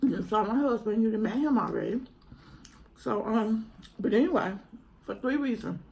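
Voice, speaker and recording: A woman's voice: a little high, normal speed, darkish tone, a little hiss or hum, low-quality recording. Earnest chatty woman. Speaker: mukbang vlogger. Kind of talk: casual heartfelt chat to camera.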